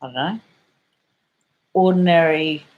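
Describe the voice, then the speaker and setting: The audio is narrow and tinny, but her voice sits low and takes its time. This Australian vlogger, a middle-aged woman, rambles through a chatty story packed with slang and a few curses.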